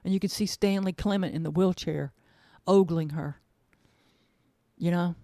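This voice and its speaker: A woman's voice: fairly low pitch, steady tone, brisk, creaky, dark tone, no room sound, clean studio sound. A woman hosting her own podcast as an author, chatting casually in a gushing, rambling way and repeating words for emphasis. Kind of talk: casual chat.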